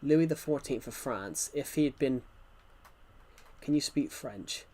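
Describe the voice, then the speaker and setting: British gaming streamer, young man, relaxed back-and-forth with chat. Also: mid-range voice, unhurried. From United Kingdom. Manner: chatty, answers viewers' questions as they come. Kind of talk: casual livestream chat while playing.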